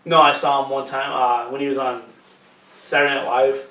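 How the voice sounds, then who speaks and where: A man's voice: medium pitch, level tone, moderate pace, sharp tone. A man co-hosting a podcast who rambles and swears a lot in casual chat. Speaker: podcast co-host. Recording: echoey room, mic from a distance.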